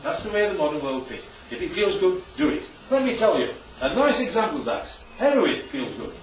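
This preacher has a high, sing-song voice and talks a little fast, with slight noise in the background. Teaching the Bible to a small church group, he keeps asking questions and making jokey asides, heard in a distant, roomy, dull lo-fi room recording.

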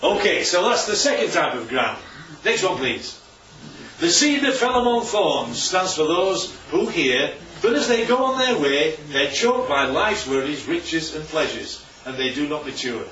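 A man preaches with a high, animated voice that keeps swinging up and down as he quizzes his listeners and throws in jokey asides. He sounds far off in a roomy church hall. The recording is dull, lo-fi, and has a faint hiss. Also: a little slow. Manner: asks the audience questions constantly. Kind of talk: interactive Bible teaching.

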